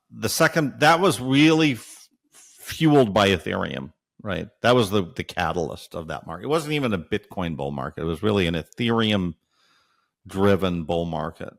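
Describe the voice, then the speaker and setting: A man's voice: sits low, expressive, moderate pace, creaky. A man being interviewed as an analyst, explaining at length while thinking aloud, with many fillers and checks like "right?". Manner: frequent hesitations and fillers. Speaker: guest analyst.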